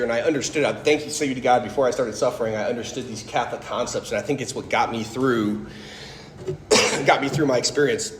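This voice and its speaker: A man in his thirties gives a personal faith testimony to a live audience in a casual, storytelling way, leaning on "like" and "right?" as he goes. His voice sits at a middle pitch. The room rings with echo, and a faint hum of ambience sits behind him. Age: 30s. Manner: conversational, storytelling, frequent "like" and "right?". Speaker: speaker giving a faith talk.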